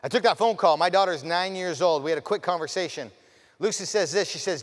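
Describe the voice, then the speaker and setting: A man telling a personal story as a motivational speaker, swinging between loud, fired-up bursts and hushed passages, and asking the audience direct questions. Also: high voice, brisk, big-room sound. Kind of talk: storytelling keynote speech.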